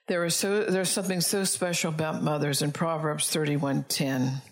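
A woman's voice: low voice, steady tone, normal speed, hardly any pauses. A woman preacher telling a story in a sermon and reading scripture, with chatty asides to the congregation.

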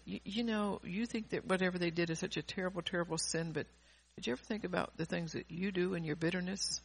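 A woman's voice: fairly low pitch, steady tone, quick pace, vocal fry, breathy edge. An older woman preaching an earnest sermon, often repeating and restarting her phrases.

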